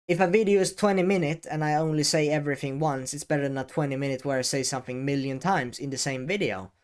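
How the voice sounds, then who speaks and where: A man who makes educational videos, giving advice straight to the camera in a deliberate way, with pauses and stress on key words. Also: on the high side. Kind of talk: talking-head advice vlog. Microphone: camera-facing setup.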